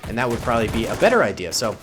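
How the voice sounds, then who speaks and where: A man in his twenties giving excitable, goofy, chatty commentary over a battle simulation game. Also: mid-range voice, very fast. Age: 20s. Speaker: gaming YouTuber. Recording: gunfire and battle noise under voice. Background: game gunfire and explosions.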